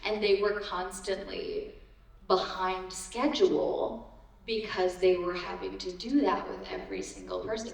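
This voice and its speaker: A woman's voice: medium pitch, animated, measured pace, creaky. A woman in her thirties, a voice actor on a convention panel, chatting in a rambling, giggly way with lots of ums. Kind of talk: casual Q&A storytelling. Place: large convention hall. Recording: echoey hall from far off.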